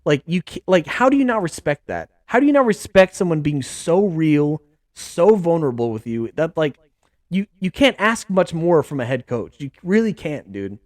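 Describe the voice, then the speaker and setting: A young man hosting a casual sports podcast, rambling excitedly with lots of fillers. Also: on the high side, normal speed, dry recording, clean studio sound. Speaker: podcast host.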